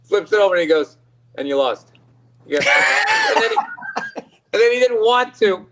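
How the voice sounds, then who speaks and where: A man's voice: high voice, normal speed. A man with a Boston accent, co-hosting a casual sports podcast, telling stories with swearing and laughter. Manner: excitable storytelling, swearing, laughing mid-sentence. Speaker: podcast co-host.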